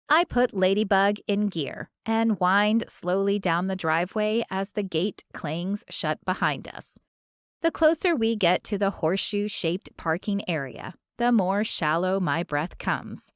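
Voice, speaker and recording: Slow, smooth woman narrating a romance. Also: mid-range voice, no echo, studio quality. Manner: measured, expressive first-person storytelling. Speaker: audiobook narrator. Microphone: close studio mic.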